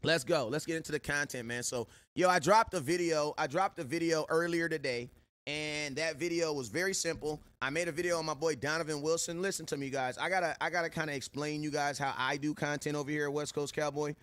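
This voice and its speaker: A man hosting a sports live stream, giving loud, slangy shout-outs to viewers in casual chat. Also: a little high, steady tone, fairly quick. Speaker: sports show host.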